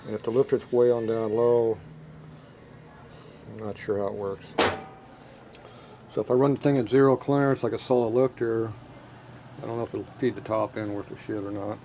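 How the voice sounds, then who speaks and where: This mechanic's voice sits on the low side, steady and at normal speed, broken by long pauses against a noisy background. Working on a motorcycle in an outdoor yard on a windy day, he makes frustrated, plain-spoken shop talk, frequently mumbling and letting sentences fade.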